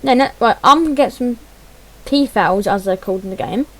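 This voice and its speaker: Fumbling through menus, a woman who hosts a gaming channel mutters to herself and keeps up a chatty, self-mocking commentary. Her voice is a little high and fairly quick, and the audio is poor.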